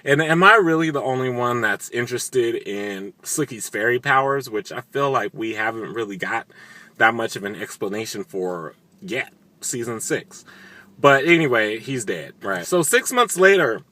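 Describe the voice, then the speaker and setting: A man's voice: mid-range voice, expressive, moderate pace, pushed and bright. A man casually recapping a TV episode, chatty, sarcastic and profane. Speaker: video recap host.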